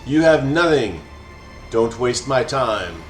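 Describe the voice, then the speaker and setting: A man voicing a smug, lazy male serpent alien gang leader in a game, speaking slowly and mockingly. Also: mid-range voice, big pitch swings. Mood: indolent. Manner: slow, indolent and mocking. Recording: roomy echo, faint music.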